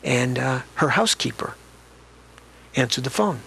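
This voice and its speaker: A man's voice: medium pitch, expressive, measured pace, vocal fry, pushed and bright, slight background noise. An older man, an author, telling stories from his past in a reflective, conversational way during an interview. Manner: conversational, reflective, often restarts sentences. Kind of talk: reminiscing storytelling in an interview.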